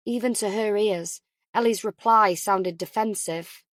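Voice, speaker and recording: A woman whispering a crime novel in a steady, measured way. Her voice sits at a middle pitch and sounds dry and close, with no room echo. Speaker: audiobook narrator. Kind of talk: whispered narration.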